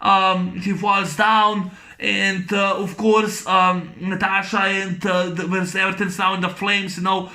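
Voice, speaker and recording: A man recapping an action movie in a casual, excited way, making gunshot sounds with his voice and talking haltingly with many fillers. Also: sits high. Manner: halting, full of fillers and restarts. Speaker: movie reviewer.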